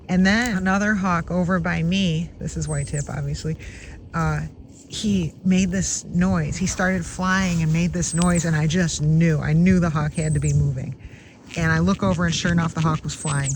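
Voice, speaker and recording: A vlogger outdoors in a backyard, casually telling a rambling story with asides and restarts. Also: mid-range voice. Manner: chatty, digressive, with many restarts and asides. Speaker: backyard bird-watching vlogger. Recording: steady outdoor background noise.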